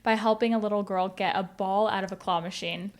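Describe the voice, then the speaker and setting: A woman's voice: medium pitch, steady tone, brisk. A woman co-hosting a podcast in casual chat, thoughtful and sympathetic, with many "like" fillers. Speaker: podcast co-host.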